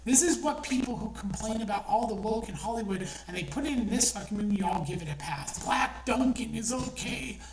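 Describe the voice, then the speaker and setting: An online commentator in middle age rages with profanity, circling back over the same points. Her slightly high, animated voice goes a little fast with hardly any pauses, sounding distant in an echoey room with faint noise.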